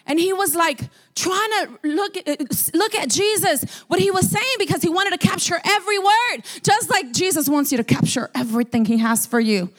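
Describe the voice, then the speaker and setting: A woman pastor preaching a sermon, shifting from quiet storytelling to loud, drawn-out shouted declarations, often repeating and restarting words. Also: very high-pitched, animated.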